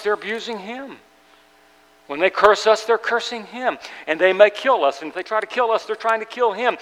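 Pastor, male, slightly high-pitched, preaches earnestly with loud-soft swings, long church-hall reverb. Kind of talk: sermon. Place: church sanctuary.

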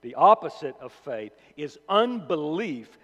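A male pastor delivers a sermon in a church sanctuary, his slightly high voice rising for emphasis and dropping to near-whispers on key words. His delivery is animated and theatrical. The sound carries a long hall reverb from a distant microphone. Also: unhurried. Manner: dramatic swings between loud emphasis and hushed low words.

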